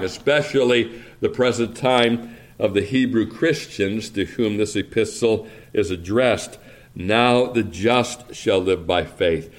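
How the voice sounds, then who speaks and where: A man preaching a sermon, reading scripture aloud and then explaining it in a slow, measured, deliberate way. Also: medium pitch.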